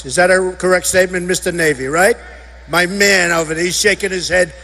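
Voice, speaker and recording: A man's voice: sits high, steady tone, fairly quick, bright, forceful tone. A man giving a campaign rally speech, combative and repetitive, talking straight to the crowd. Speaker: political candidate. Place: large rally venues.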